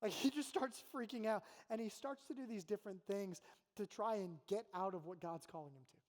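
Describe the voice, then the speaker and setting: A man's voice: high-pitched, fairly quick. A male college pastor preaching a sermon in a casual, conversational way, acting out quotes from God and Moses. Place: church auditorium. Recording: long hall reverb.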